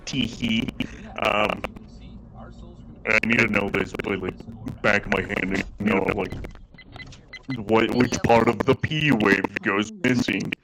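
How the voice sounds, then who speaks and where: Low-voiced male co-host, casual and halting, loaded with fillers. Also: steady tone, a crowd in the background. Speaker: stream co-host and student. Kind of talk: casual livestream chat.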